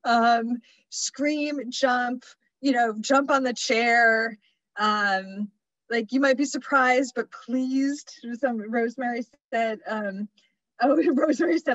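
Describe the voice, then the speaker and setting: A woman's voice: a little high, a little slow, dry recording, lo-fi sound. A woman presenting a wellness workshop over a webinar, chatty and loose, with many fillers and restarts.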